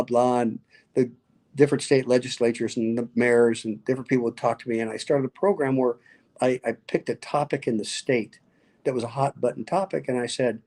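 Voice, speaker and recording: A middle-aged man from Nevada, a pastor and speaker, tells stories in an interview. His voice is gravelly and his pitch sits in the middle. He acts out the voices of people he quotes and laughs often. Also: darkish tone. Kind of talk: animated storytelling interview.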